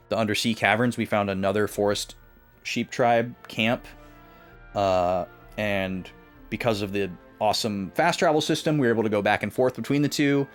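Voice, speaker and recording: Low-voiced man rambling through a game recap. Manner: rambling with many filler uhs. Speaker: streamer. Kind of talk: casual let's-play recap.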